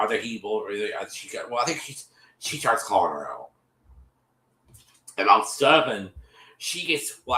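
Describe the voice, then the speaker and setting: A man hosting a stream, retelling a reality episode in casual chat, animated and exasperated, with many restarts. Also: mid-range voice. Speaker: show host recapping an episode. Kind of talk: casual storytelling recap. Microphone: streaming setup. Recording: echoey room.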